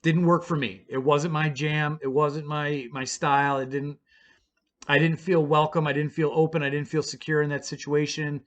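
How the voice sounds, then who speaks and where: Vlogger, man, casual profane storyteller, somewhat higher voice, rambling delivery. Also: level tone, moderate pace, fairly bright tone. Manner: blunt, profane, rambling with restarts. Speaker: vlogger telling his own story.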